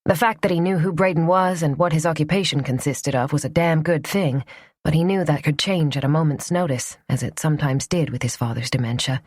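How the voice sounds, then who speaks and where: A woman narrating a romance audiobook in a soft, even storytelling voice. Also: sits low, a little fast, breathy edge, no room sound, clean studio sound.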